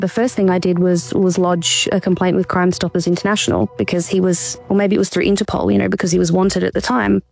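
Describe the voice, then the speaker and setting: A woman telling her own story as an interview guest, measured and reflective. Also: medium pitch, vocal fry, darkish tone. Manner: measured, reflective, occasional restarts. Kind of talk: earnest personal account in conversation.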